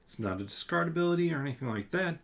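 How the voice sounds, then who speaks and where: A man's voice: on the high side, animated, fast, a bit bright. A man hosting a solo board game playthrough, thinking aloud and counting out damage and cards. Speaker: board game channel host.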